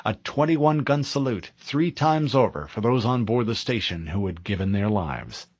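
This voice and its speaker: A man narrating a military science fiction novel in a steady, dramatic audiobook reading. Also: mid-range voice, normal speed, dry recording.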